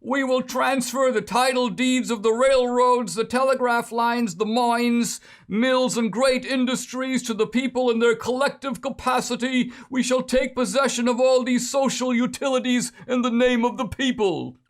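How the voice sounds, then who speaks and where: A man's voice: steady tone, normal speed, few pauses. A man putting on the voice of an older male socialist politician giving a fiery speech. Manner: declaiming, high-pitched and strained.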